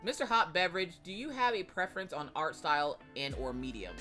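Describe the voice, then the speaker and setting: A woman's voice: lowish voice, very animated, brisk, fairly bright tone, faint music behind. A woman hosting a live stream from home, chatting casually and bantering with lots of giggles. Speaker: streamer and host. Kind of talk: casual chat while crocheting on a live stream. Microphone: desk microphone.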